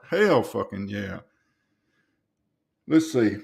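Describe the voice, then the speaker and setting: Gravelly, foul-mouthed man reacting loudly. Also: mid-range voice, lively intonation, moderate pace. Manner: loud, swearing, mocking. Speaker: podcast host reacting to videos. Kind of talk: profane reaction commentary.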